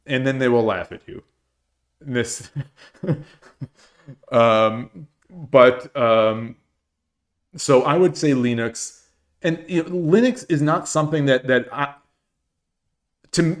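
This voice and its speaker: A middle-aged man talks off the cuff on a livestream at a mid-range pitch. He rambles, restarts his sentences and leans on fillers as he goes. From United States. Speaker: streamer. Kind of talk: casual livestream chat.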